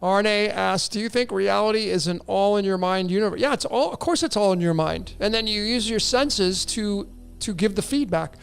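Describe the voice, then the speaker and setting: A man talks through listener questions in a loose, rambling way, full of restarts. His voice sits high and stays smooth and resonant, with some gravel in it. Faint music plays underneath. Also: normal speed. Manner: rambling, animated, with restarts and laughs. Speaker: host answering listener questions. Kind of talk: casual monologue. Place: in Mexico.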